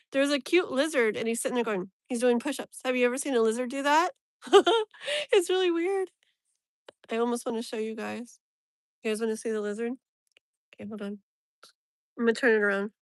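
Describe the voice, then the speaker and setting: A woman's voice: fairly high pitch, no echo, clean studio sound. A woman tarot reader chatting casually on a live stream from her phone, rambling and laughing often.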